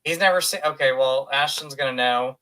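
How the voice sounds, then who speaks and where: A man co-hosting a casual podcast, telling animated, emotional stories with quoted asides. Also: medium pitch, fairly quick, poor audio. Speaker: podcast co-host. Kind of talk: casual chat.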